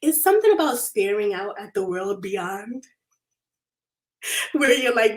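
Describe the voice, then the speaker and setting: A woman, hosting a casual faith podcast in an animated, confessional way, laughing often and reading out listener comments. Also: medium pitch, takes it slowly. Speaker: podcast host and faith coach.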